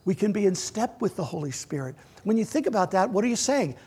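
A middle-aged man preaching a sermon in a church, earnest, swinging from loud to near-whispered. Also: high-pitched, sing-song, fast, husky. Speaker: pastor.

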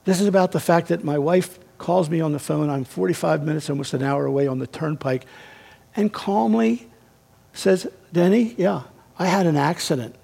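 Gravelly-voiced male preacher. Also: on the high side, moderate pace. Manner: emphatic, swings between raised and hushed delivery. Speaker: pastor. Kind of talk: sermon.

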